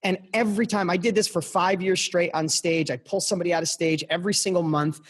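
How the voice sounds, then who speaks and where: A man's voice: high-pitched, fairly even intonation, quick pace. A middle-aged man guesting on a podcast, telling a personal story in a passionate, emphatic motivational style and speaking straight to the listeners. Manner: passionate, emphatic, repeats phrases for punch.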